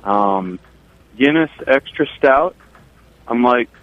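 A man's voice: mid-range voice, lively intonation, takes it slowly, no room sound. A man phones in to a radio show and talks about his brewery with rambling enthusiasm and plenty of ums and uhs. His voice comes through a thin, tinny phone line. The sound is dry and close, with nothing around it. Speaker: brewery owner calling in. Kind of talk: casual phone interview. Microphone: telephone.

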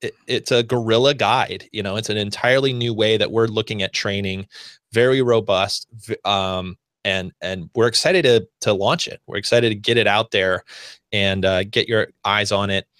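A man's voice: fairly low pitch, steady tone, normal speed, fairly bright tone, no room sound, studio quality. An American man hosting a podcast, chatting casually and rambling with many restarts and fillers. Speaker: podcast host.

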